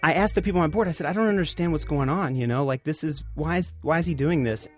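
A man telling a personal story as a radio guest, hesitant and full of fillers, getting animated as he retells it. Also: a little high, fast, faint music behind. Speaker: guest reporter. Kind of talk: casual storytelling.

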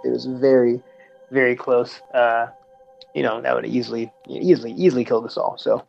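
A man's voice: mid-range voice, fairly even intonation, vocal fry. A man in his thirties, a Navy veteran, telling his story casually in an interview with many fillers and chuckles. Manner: halting, chuckling, lots of fillers. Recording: slightly dull sound with faint music.

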